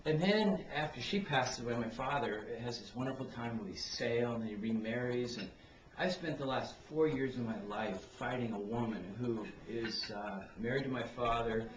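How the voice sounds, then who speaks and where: Middle-aged guy rambling through a toast, far from the camera, echoey room, lots of people chatting behind. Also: medium pitch. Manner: rambling, halting, with many restarts. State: tearful near the end. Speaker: toast giver at a family gathering. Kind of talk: heartfelt personal toast. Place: indoor party room with guests. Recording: roomy, distant camera with crowd chatter.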